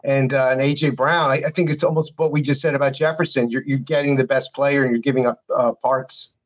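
A man with a thick North Jersey, Newark accent, a guest on a casual podcast, hesitant and thinking aloud with many pauses. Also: mid-range voice, fairly even intonation, highs cut off. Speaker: guest panelist.

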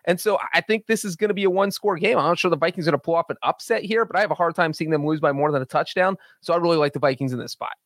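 A man's voice: a little high, rapid-fire, hardly any pauses, a bit bright, no echo, studio quality. A man co-hosting a sports betting show, giving confident, plain-spoken picks in casual chat. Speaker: sports betting podcast co-host.

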